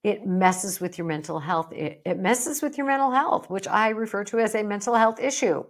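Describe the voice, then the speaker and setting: A woman's voice: mid-range voice, animated, normal speed. A woman psychologist hosting a podcast, talking emphatically and getting fired up, slipping into mocking quotes. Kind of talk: podcast monologue.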